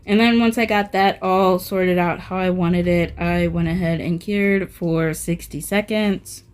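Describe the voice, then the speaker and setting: A woman's voice: lowish voice, steady tone, darkish tone. A woman talking through a nail art tutorial in a casual, rambling voice-over, full of fillers like "um" and "like". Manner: slow, filler-heavy, rambling.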